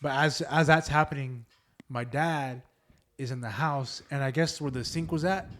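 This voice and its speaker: A man's voice: mid-range voice, steady tone, moderate pace, a bit bright. A man hosting a podcast, telling family ghost stories in a loose, rambling way full of fillers. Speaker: podcast host. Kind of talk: casual storytelling chat.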